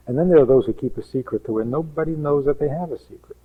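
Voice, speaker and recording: A man's voice: a little high, slightly rough, narrow, tinny audio. A man, a rabbi, giving an emphatic teaching talk full of rhetorical questions and acted-out quotes.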